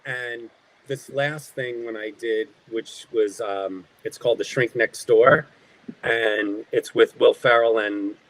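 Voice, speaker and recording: A man, an actor as an interview guest, telling animated behind-the-scenes stories and acting out the people in them. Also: mid-range voice, slow, poor audio. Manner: animated anecdotes, acting out quoted voices. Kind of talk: casual storytelling.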